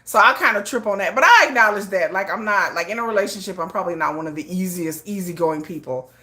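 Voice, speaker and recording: A woman hosting a casual livestream chat, animated and laughing often. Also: medium pitch, fast talker. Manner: animated, laughs a lot, switches into hushed and sung put-on voices. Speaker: livestream host.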